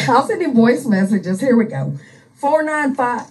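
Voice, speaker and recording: A woman's voice: fairly high pitch, very animated, unhurried, distant mic, poor audio. A woman on her couch reading out a troll's texts and mocking him in a crude, profane rant, laughing often. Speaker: streamer ranting at an online troll. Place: on a couch at home. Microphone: handheld microphone.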